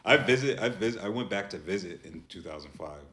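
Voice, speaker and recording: Deep-voiced man, loose and rambling. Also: animated, brisk, fairly bright tone, a little hiss or hum. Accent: slight Southern US. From Virginia, US. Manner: rambling, loose, peppered with "you know what I mean". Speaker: guest artist. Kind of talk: casual podcast chat.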